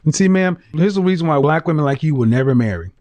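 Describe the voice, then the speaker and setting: A man's voice: on the high side, expressive, fast talker, darkish tone, lo-fi sound. A man hosting a call-in advice show, bluntly lecturing a female caller and cutting her off. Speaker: dating advice show host.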